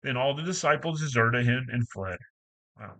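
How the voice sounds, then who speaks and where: A man's voice: medium pitch, expressive, pushed and bright, poor audio. A man reading a scripture passage aloud, stumbling now and then and correcting himself as he goes. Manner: halting reading with frequent stumbles and self-corrections. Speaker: Bible reader.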